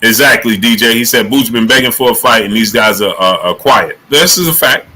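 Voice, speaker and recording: Guy hosting a boxing live stream, hammering the same question at chat, sharp bright voice. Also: mid-range voice, brisk, a little hiss or hum, low-quality recording. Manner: energetic, emphatic, repeats questions. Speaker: boxing show host. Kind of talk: live-stream talk with chat shout-outs.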